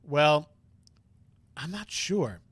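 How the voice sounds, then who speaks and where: A man's voice: a little high, lively intonation, extremely slow, a bit bright, husky, dry recording, heavily acted. A man voicing a pompous elderly male lawyer who rambles wistfully.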